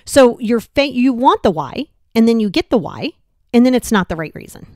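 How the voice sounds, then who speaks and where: A woman's voice: a little high, very animated, moderate pace, warm tone, no echo, studio quality. A woman hosting a solo motivational podcast, talking bluntly and casually and firing off rhetorical questions. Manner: direct, fires rhetorical questions; blunt, casual, with mild swearing. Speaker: podcast host.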